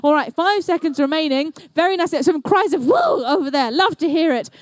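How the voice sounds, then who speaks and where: A woman's voice: high voice, brisk, dry recording. A woman commentating a live indoor competition and emceeing it, with playful, jokey banter aimed at the crowd.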